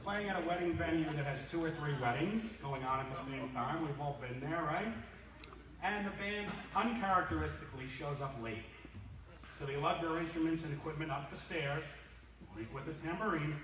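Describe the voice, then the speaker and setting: A man giving a comic roast speech in a large banquet hall, telling stories in a lively way and acting out the characters. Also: a little high, moderate pace, noisy background. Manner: lively storyteller, acts out the characters. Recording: echoey hall, distant mic.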